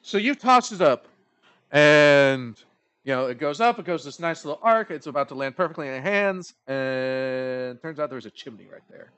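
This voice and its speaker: A young man narrating as game master of a tabletop game, animated and laughing often. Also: a little high, normal speed, smooth.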